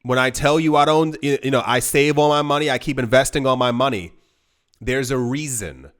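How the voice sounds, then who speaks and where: Brisk and a little bright, this mid-range male voice belongs to a crypto investing channel host addressing the camera casually. His delivery pleads and insists, and he keeps restarting sentences as he wanders.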